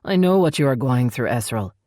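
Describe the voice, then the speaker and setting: A brooding male elf heir, gruff and curt, growling out his words, as a woman narrator puts him on. The voice sits very low and is dry and close, an audiobook read. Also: lively intonation, fairly quick, warm tone, no room sound. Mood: stern. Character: brooding male elf crown prince, stern.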